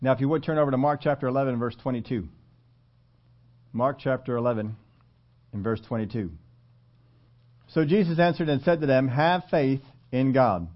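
A man's voice: mid-range voice, normal speed, long pauses, highs cut off. A man preaching a sermon, reading scripture and asking the listeners questions in an emphatic way, repeating key phrases. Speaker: pastor.

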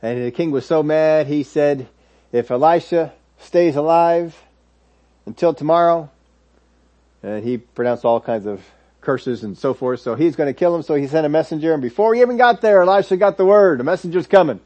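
A man's voice: on the high side, fairly quick, warm tone. A man preaching a sermon, retelling Bible stories and voicing the people in them. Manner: storytelling, acts out biblical figures' words. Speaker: pastor. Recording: dull lo-fi audio.

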